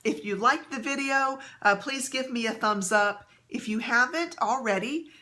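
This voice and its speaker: A woman vlogging casually, chatting gently with many fillers and soft laughs as she shows items and tells a story. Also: a little high, normal speed. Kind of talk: casual haul and story vlog.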